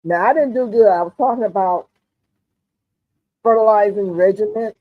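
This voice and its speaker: A relaxed, chatty woman with a Southern US accent hosts a casual livestream and keeps up an easy stream of talk with plenty of "mm-hmm"s. Her voice comes through thin and phone-like, with a dry sound that has no room echo. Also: mid-range voice, moderate pace. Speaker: livestream host. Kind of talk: casual chat, reading the live chat aloud.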